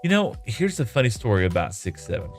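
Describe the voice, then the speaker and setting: A man's voice: mid-range voice, very animated, quick pace, soft background music. A man live-streaming a game, chatting casually and reading viewer comments in a rambling, easygoing way, often laughing.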